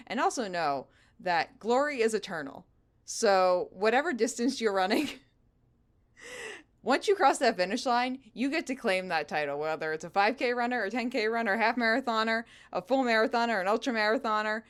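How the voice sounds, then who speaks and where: A woman's voice: mid-range voice, animated, normal speed. A woman hosting a podcast, giving an encouraging pep talk and repeating her reassurances again and again. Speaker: podcast host.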